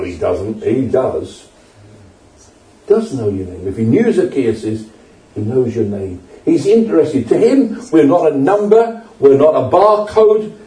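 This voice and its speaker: A man's voice: medium pitch, warm tone. Older man preaching in an echoey church. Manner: humorous, conversational, asks the congregation questions. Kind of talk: sermon. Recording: echoey church hall, mic at a distance.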